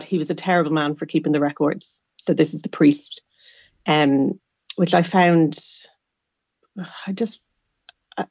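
An Irish woman with a lowish voice speaks frankly, her exasperation broken by wry asides. The sound is dry and a little muffled, as over a lo-fi line. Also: darkish tone, no echo. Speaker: interview guest, adopted person. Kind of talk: radio interview.

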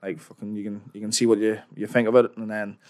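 Belfast man, podcast guest, relaxed chatty answers. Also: lowish voice, quick pace. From Belfast, born in London. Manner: easygoing, chatty, agreeable. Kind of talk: casual interview answers.

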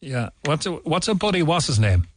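A man with a Cork Irish accent hosting a radio chat, talking in a halting way. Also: on the high side, big pitch swings. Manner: halting, many fillers and restarts. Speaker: radio host. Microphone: studio mic.

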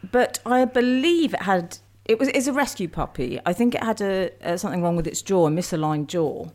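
A woman's voice: medium pitch, expressive, brisk, darkish tone. A woman co-hosting a casual radio chat from home, chatty and teasing. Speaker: radio co-host. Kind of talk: casual banter.

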